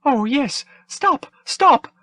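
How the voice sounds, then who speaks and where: A man's voice: very high voice, expressive, very slow, fairly bright tone, no room sound, studio quality, pitched above the performer's own voice, full character voice. A man voicing a fussy, panicky male robot, whining shrilly and frantically in an audiobook reading. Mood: flustered.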